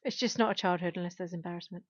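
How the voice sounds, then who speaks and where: A woman's voice: lowish voice, very fast, dry recording. Young woman, gaming chat, self-deprecating, rambling, muffled lo-fi mic, dry. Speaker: gaming co-host. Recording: dull lo-fi mic.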